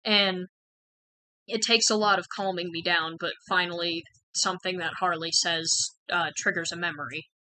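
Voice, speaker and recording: A woman's voice: fairly low pitch, steady tone, normal speed, pushed and bright, rough recording. A young woman candidly telling a personal story in a frank, conversational way, full of "like" and "um". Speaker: channel host sharing personal experience.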